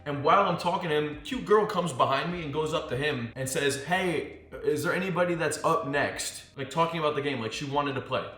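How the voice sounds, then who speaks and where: A man with a fairly high voice talks fast, barely pausing, as he coaches on dating in a casual monologue. He's an animated storyteller who swears and acts out what people said. The room is echoey, with faint music in the background.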